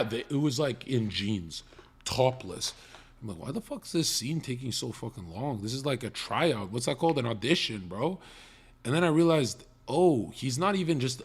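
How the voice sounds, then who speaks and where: Husky young man ranting on stream. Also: mid-range voice. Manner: profane, fast storytelling with mocking quoted voices. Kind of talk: casual stream chat.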